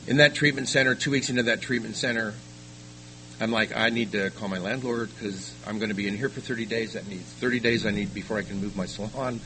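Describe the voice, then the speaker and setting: An older man giving a personal testimony at a recovery meeting, telling his story haltingly with frequent restarts. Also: fairly low pitch, fairly even intonation, pushed and bright, slight background noise, rough recording. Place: meeting room.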